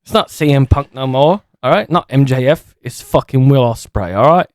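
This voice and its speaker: A man's voice: medium pitch, normal speed, dry recording, studio quality, natural voice. A man putting on a British accent as a brash young wrestling fan who swears and calls everyone mate. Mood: defiant. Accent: put-on British.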